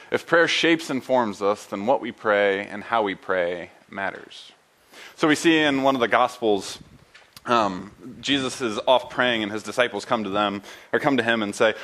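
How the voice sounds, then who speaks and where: A man preaching a sermon in a church building, earnest and halting, with frequent fillers and restarts. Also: lowish voice, fairly bright tone. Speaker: pastor.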